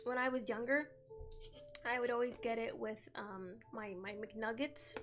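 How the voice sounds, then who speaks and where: A woman's voice: a little high, fairly even intonation, unhurried, soft background music. A young woman streaming a co-working session, chatting casually and giggling often as she reads and answers chat.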